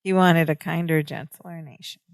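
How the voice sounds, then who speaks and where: A woman's voice: sits low, steady tone, moderate pace, dry recording. Chatty woman recapping a sitcom. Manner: chatty, retells scenes with quoted lines. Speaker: podcast co-host. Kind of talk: casual chat recapping a sitcom episode.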